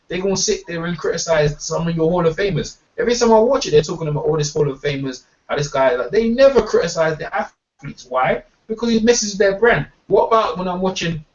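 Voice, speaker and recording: A man's voice: high-pitched, animated, a little fast, far from the mic. A man, hosting a boxing talk stream and ranting heatedly, profane and emphatic, repeating words as he gets worked up. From England. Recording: dull lo-fi sound, off mic.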